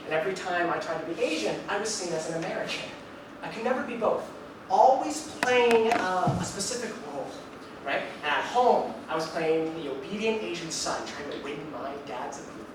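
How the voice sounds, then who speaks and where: A man in his twenties performing a one-man stage monologue, telling his story with animated asides to the audience. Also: high-pitched. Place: live theater stage with audience. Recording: echoey stage recorded from far off with audience noise.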